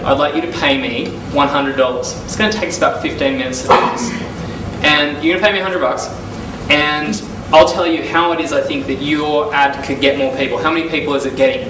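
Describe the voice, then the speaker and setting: A young man telling a casual testimonial story, acting out the calls and conversations he describes. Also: on the high side. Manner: animated storyteller, acts out phone calls and quotes. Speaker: business consultant giving a testimonial. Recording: echoey room, mic a bit far, audible noise.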